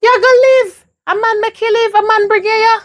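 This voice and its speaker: Brief: actress as Jamaican mother, high voice, very animated, protective. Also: measured pace. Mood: rallying. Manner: emphatic, animated, scolding and comforting. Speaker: actor in a film. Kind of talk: patois film dialogue.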